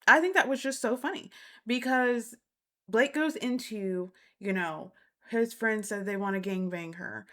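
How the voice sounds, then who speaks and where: A woman's voice: on the high side, measured pace, pushed and bright. A woman hosting a casual reality TV recap, talking bluntly and repeating her points for emphasis. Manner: blunt and exasperated. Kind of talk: casual opinionated commentary.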